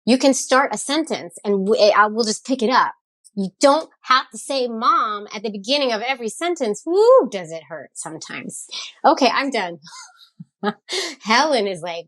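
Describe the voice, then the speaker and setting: A middle-aged woman hosting a podcast in a casual, chatty way, animated and joking with her listeners. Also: fairly high pitch, measured pace. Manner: animated, jokey, says "y'all". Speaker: podcast host.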